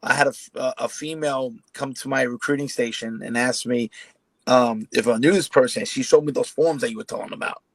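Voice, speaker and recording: A man's voice: mid-range voice, fairly quick, dry recording, rough recording. A man with a New York accent, an army recruiter telling rambling anecdotes in a casual interview over a video call.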